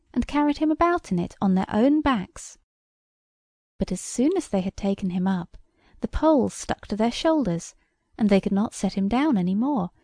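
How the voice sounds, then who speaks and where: Gravelly, mellow woman reading a story. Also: mid-range voice, no room sound, studio quality. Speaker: audiobook reader. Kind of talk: storybook narration.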